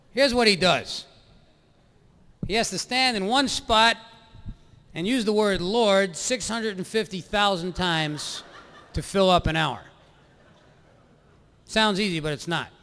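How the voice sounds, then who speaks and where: A man's voice: sits high, a bit bright. A man doing stand-up on stage into a mic, teasing the crowd with brash, mocking asides. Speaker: stand-up comedian. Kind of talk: live stand-up set with crowd work. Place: live show stage. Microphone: stage mic, soundboard feed.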